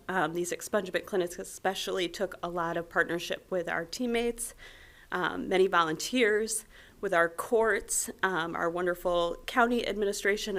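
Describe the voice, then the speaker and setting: A woman's voice: mid-range voice, a bit bright. Tearful American woman accepting an award. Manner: tearful, grateful, many ums. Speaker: public defender accepting award. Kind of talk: acceptance speech.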